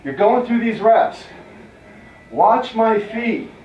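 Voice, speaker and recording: A male fitness trainer in a gym, speaking slowly and calling out short commands as he demonstrates each move and counts the reps. His voice sits a little high and comes from some distance off the mic. The recording is roomy with echo and sounds dull. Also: lively intonation. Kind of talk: workout instruction.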